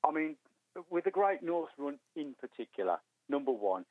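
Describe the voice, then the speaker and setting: A man's voice: a little high, sing-song, moderate pace, dry recording. Older Black Country man, phone-in guest, keen storyteller; thin telephone sound. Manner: eager, rambling storytelling. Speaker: guest runner. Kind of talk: phone-in radio chat. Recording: tinny phone line.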